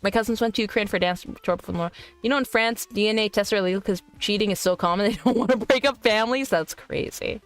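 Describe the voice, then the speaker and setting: Here the same streamer talks fast with fairly even intonation, her smooth, clean voice sitting in a middle range. She reads chat messages aloud and answers them, swearing freely between jokes and teasing, with faint music behind her.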